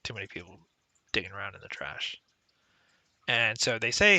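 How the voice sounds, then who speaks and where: A man's voice: on the low side, very animated, normal speed, pauses often, sharp tone, no room sound. A man giving casual, conversational commentary while playing a retro adventure game, explaining its mechanics as he goes. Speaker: let's play commentator.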